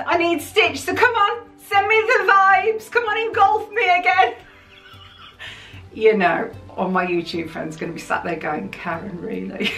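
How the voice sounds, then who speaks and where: A woman talks chattily and excitably, her pitch sitting a little high and swinging widely. She sounds a bit distant from the mic in a roomy space. Soft music plays faintly underneath. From United Kingdom. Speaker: vlogger. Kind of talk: casual chat while unboxing.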